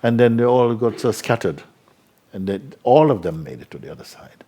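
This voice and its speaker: A man giving spiritual teaching to a live audience, unhurried and probing with repeated questions. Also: medium pitch, animated, dark tone.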